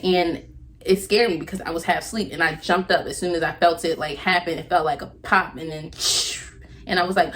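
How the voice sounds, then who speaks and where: A woman's voice: on the low side, a little fast, a little hiss or hum. A young woman vlogger telling a personal story, rambling and correcting herself with lots of fillers.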